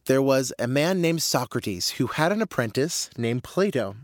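A man's voice: mid-range voice, lively intonation, moderate pace, no room sound, studio quality. A man giving a motivational training talk in an earnest way, telling stories as he goes. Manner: earnest storyteller, acts out voices.

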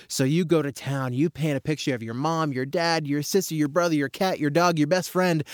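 Animated man telling a story, dry sound. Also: fairly high pitch, normal speed, no echo. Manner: animated storyteller, acts out scenes with rising excitement. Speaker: practitioner explaining his therapy method. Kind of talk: casual explanatory talk.

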